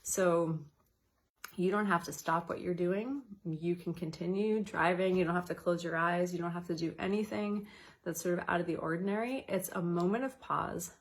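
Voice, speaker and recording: A woman educator giving a casual wellness talk, chatty with light laughs, guiding slow counted breathing. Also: on the low side.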